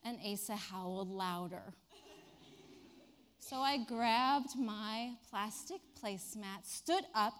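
A woman preacher delivering a sermon with animated, dramatic storytelling. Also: mid-range voice, long reverb tail.

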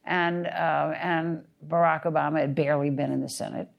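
A woman panelist who joins in with quick interjections and conversational remarks. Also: deep voice, fairly even intonation, gravelly, muffled recording. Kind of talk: panel discussion before an audience.

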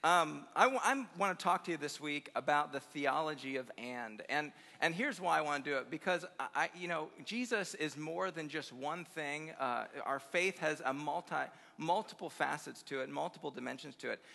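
A man preaches to a college audience in a sermon full of personal stories, upbeat and effusive, often chuckling. His voice sits fairly high, bright and forceful with a gravelly edge. The sound rings with the long reverb of a big hall. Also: normal speed, few pauses. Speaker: guest speaker at a college chapel conference. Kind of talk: conference sermon with personal storytelling.

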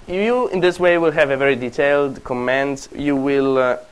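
A man's voice: mid-range voice, normal speed, slight background noise, low-quality recording. A man with an Italian accent giving a university classics lecture, rambling with many restarts, self-corrections and small laughs.

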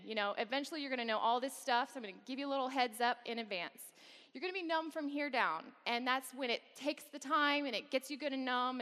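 This woman's voice is fairly high, pushed, and bright. Guest-speaking at a campus worship service in a large hall with long reverb, she tells a personal story frankly, with dry, self-deprecating humor.

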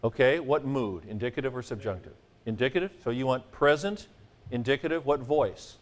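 A man's voice: medium pitch, a little fast. A man teaching a seminary Greek grammar class, joking and chanting mnemonics for his students. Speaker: Greek professor.

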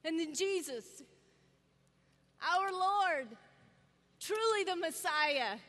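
A woman giving a sermon, telling the story with lively energy and acting out the voices of the people in it. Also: very high voice. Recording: long reverb of a large hall.

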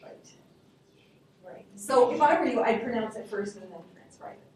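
Echoey lecture from a high-voiced woman. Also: moderate pace, a little hiss or hum. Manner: lively, informal, asks the class questions. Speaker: linguistics teacher. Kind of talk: classroom lecture. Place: classroom. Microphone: room recording from a distance. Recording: very echoey classroom, distant mic.

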